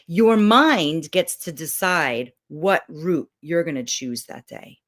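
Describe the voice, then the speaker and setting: A woman's voice: deep voice, expressive, takes it slowly. A woman giving a motivational talk, guiding listeners through breathing and visualizing exercises. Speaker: motivational speaker.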